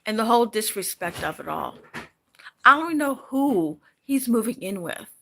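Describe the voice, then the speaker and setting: A woman's voice: on the high side, very animated, moderate pace, vocal fry, a bit bright, slight background noise. Angry, upset woman venting. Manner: angry, venting, repeating herself. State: upset and sleep-deprived. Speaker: vlogger. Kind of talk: emotional personal vlog.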